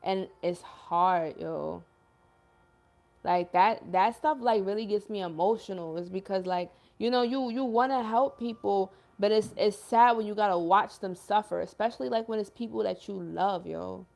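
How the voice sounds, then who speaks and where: A woman's voice: mid-range voice, normal speed, creaky, darkish tone. A young woman hosting a livestream as a self-described healer, talking in earnest, emotional casual chat full of slang like "yo" and "y'all" while reading out viewer comments.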